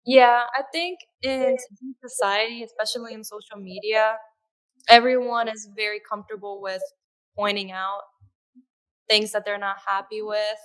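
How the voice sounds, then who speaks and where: A woman speaking as a podcast guest in an earnest, conversational way, with soft laughs and fillers. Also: medium pitch, fairly even intonation, moderate pace, clear, resonant tone. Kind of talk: conversational interview.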